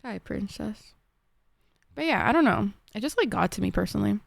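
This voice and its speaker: This young woman from Egypt speaks at normal speed in an animated, gravelly, mid-range voice, recorded dry. As a streamer at her home desk, she chats casually with viewers, saying "like" a lot and swearing frequently.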